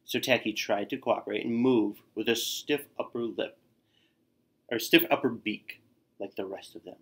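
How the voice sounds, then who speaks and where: A man reading a children's picture book aloud in an expressive way, with gasps and sighs. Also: lowish voice, moderate pace. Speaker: storyteller.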